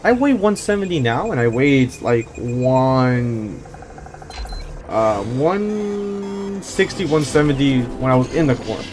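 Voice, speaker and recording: A man's voice: medium pitch, big pitch swings, takes it slowly, a little mellow, a little hiss or hum. A young man hosting a let's play, rambling through casual jokey stories and swearing now and then between game moves. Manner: rambling, swears, joking anecdotes. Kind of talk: casual gameplay commentary.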